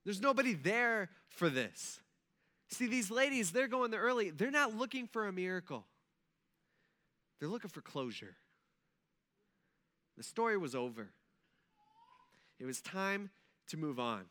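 Male pastor, casual sermon delivery, high voice, bright timbre, acts out scenes. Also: very animated, a little slow, pauses often.

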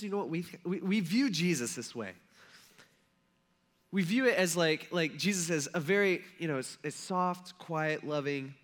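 A man giving a casual sermon, telling a Bible story in a chatty, animated way, swinging from loud emphasis to hushed asides. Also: sits high. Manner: conversational, animated storytelling with voiced characters. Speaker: preacher.

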